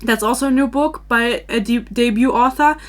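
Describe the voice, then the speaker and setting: A woman's voice: a little high, normal speed. Chatty young woman podcast host. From Germany. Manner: chatty, rambling, self-deprecating with frequent laughs. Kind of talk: casual chat. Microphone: camera-mounted microphone.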